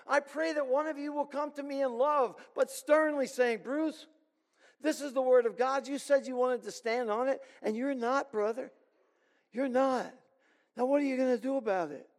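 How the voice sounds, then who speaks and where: A man preaching a sermon as pastor, earnest and emphatic with deliberate pauses. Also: very high-pitched, a little mellow. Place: church sanctuary. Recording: long hall reverb.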